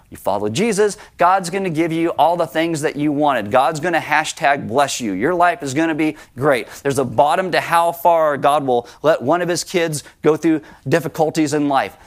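Animated male preacher, slightly high voice. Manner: animated, acts out Bible scenes with sudden high cries. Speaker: pastor. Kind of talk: sermon.

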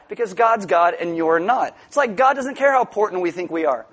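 A male pastor preaching a sermon to his congregation in a joking, conversational way, with sudden loud outbursts. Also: high-pitched, lively intonation, fairly quick, hardly any pauses. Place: church before a congregation.

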